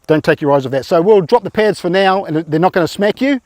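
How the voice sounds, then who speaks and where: Guy running tackle drills on a training field, kinda high voice, dry sound, keeps asking the boys how it felt. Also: fast talker, a little mellow, no echo. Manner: encouraging, asks players questions, informal. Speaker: rugby coach. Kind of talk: coaching players through tackle drills.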